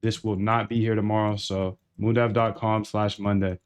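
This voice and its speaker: A man hosting a trading live stream, delivering a hyped, pushy sales pitch and calling the listener dude and bro. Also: little pitch movement, moderate pace, smooth, no room sound. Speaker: trading channel host.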